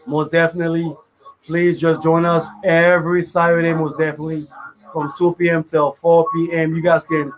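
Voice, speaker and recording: High-voiced chatty radio host man. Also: rough recording. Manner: loose and chatty, many "you know what I'm saying" fillers. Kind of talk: casual radio talk.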